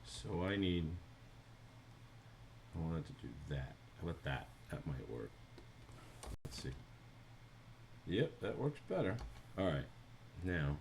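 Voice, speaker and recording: A man's voice: sits low, big pitch swings, slow pace, creaky, pauses often, a little mellow, a little hiss or hum. A man with a New Jersey accent, chatting casually on a live stream while he animates, thinking aloud and answering viewers.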